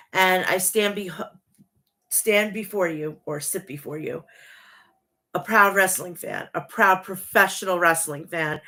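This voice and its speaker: A woman's voice: mid-range voice, fairly bright tone. A woman in her forties, from the New York area, gushing and swearing emotionally through tears as she reviews a wrestling show in a casual vlog. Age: 40s. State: tearful.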